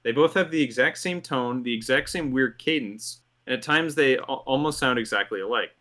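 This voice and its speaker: Bright-voiced man reading a scripted commentary. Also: mid-range voice, brisk. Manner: amused, laughs through his lines. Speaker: host.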